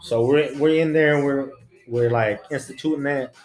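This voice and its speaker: A man's voice: mid-range voice, fairly even intonation, normal speed. A man, a former prison officer, telling a story in casual, blunt, profane street slang. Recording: roomy echo, faint music.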